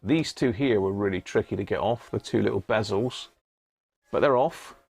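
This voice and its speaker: A man's voice: on the low side, normal speed, gravelly, darkish tone, slightly rough. A man hosting a casual live stream about restoring an old radio, chatty and greeting viewers by name as he works.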